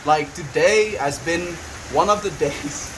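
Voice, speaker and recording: A man's voice: on the high side, slow pace, background noise. Rambling young man on a livestream. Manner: rambling, laughs often, frequent restarts. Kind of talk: casual chat, venting and reading chat. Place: at home on a farm.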